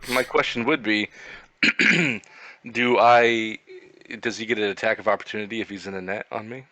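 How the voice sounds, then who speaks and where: A man playing a tabletop game, hesitant and often clearing his throat as he describes his turn. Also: on the low side, steady tone, moderate pace, bright, forceful tone, dry recording, rough recording. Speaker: player. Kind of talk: casual tabletop play.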